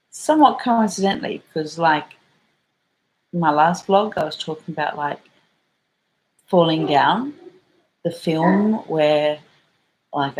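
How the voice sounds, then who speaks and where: On a rough recording, a middle-aged woman with an Australian accent speaks in a low-pitched voice. She's a vlogger telling a meandering, chatty story, slangy and with the odd swear.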